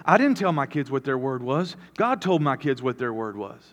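A man's voice: mid-range voice, very animated, moderate pace, fairly bright tone. A man preaching a sermon as a pastor, talking earnestly and rambling through restarts. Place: church auditorium. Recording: long hall reverb.

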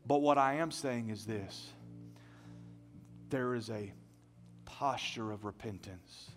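Pastor preaching in a reverberant hall. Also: male voice, mid-range voice, takes it slowly, pauses often. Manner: dynamic preaching, swinging from loud to hushed. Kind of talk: sermon. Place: church sanctuary.

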